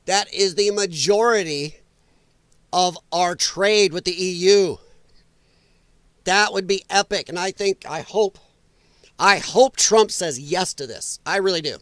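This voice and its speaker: A man's voice: high voice, expressive, a little slow, fairly bright tone, no room sound. A man from Illinois hosting a political commentary livestream, ranting and sarcastic with crude language. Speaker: host.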